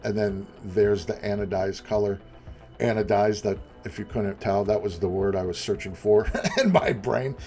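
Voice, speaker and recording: A man's voice: fairly low pitch, normal speed, warm tone, faint music behind. A man narrating a prop-making tutorial voice-over in a chatty, self-deprecating, rambling way with frequent restarts. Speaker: prop maker.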